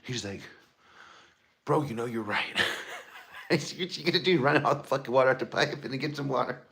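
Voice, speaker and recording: Profane, lively man telling stories. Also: medium pitch, a little fast, gravelly, echoey room, a little hiss or hum. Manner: profane, laughing, rambling banter. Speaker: livestreamer. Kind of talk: casual livestream storytelling.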